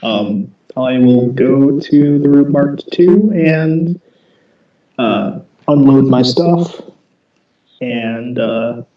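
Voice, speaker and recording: A man's voice: mid-range voice, animated, very slow, recorded from a distance, lo-fi sound. A man playing a tabletop game, speaking hesitantly and stammering as he plays his character. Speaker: player. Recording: roomy, from off mic.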